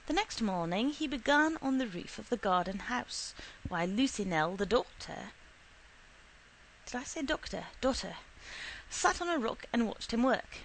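A woman reads a short story aloud at a steady, unhurried pace. Her voice sits a little high. A faint hiss runs under the recording. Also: poor audio. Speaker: reader.

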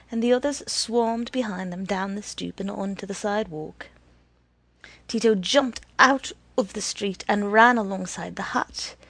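Slow, husky woman reading a story. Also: mid-range voice, no echo. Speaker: narrator.

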